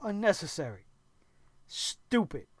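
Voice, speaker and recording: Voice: medium pitch, sing-song, takes it slowly, no room sound. Sarcastic ranting wrestling show host. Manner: sarcastic, exasperated, profane. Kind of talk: ranting wrestling recap commentary.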